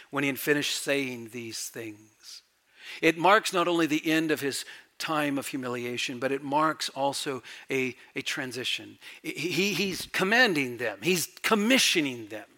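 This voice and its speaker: A middle-aged man preaching an expository sermon, emphatic, repeating key phrases and swinging between loud declarations and hushed asides. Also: medium pitch. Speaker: pastor.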